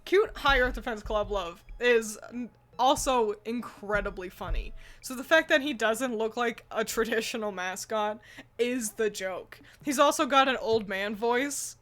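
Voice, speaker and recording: Giggly woman with a fairly high voice. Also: a little slow, fairly bright tone. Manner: giggly, laughs often between phrases; rambling with frequent fillers and restarts. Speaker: co-host ranking anime mascots. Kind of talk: casual chat while editing a tier list.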